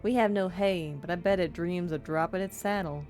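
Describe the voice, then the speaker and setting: A woman's voice: lowish voice, normal speed, a little mellow, faint music behind, close to an everyday voice. A woman voicing a guarded female lieutenant in a text game, dry and matter-of-fact.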